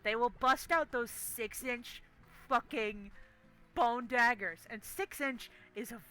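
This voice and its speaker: Bright, forceful woman streamer swearing emphatically. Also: on the high side, slow, soft background music. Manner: profane, emphatic, keeps asking "okay?". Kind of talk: casual solo storytelling during a game stream.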